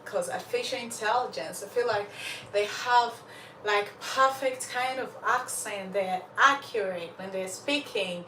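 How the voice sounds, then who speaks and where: Chatty woman streaming from Uganda, slow and bright. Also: mid-range voice, distant mic. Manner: chatty, laughs often, answers viewer comments. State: slight cough, under the weather. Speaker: livestream host. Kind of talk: casual live chat with viewers. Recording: roomy sound from off the mic, faint background noise.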